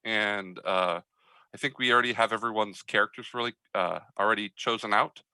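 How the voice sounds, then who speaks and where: A man running an online tabletop game as game master, talking in a halting, friendly way full of fillers. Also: lowish voice, steady tone, bright, forceful tone, clear, resonant tone, no room sound, poor audio.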